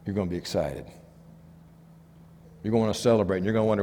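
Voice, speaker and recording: A man preaching a sermon, rising for emphasis and dropping to quiet, low stresses. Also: steady tone, fast talker, long pauses. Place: church sanctuary. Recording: long church reverb.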